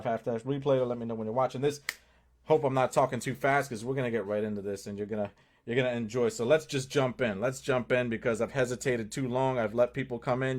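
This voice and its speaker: A man hosts a live stream with energy, greeting viewers in the chat by name and pitching directly to them. His hyped, loud delivery suddenly drops into low asides.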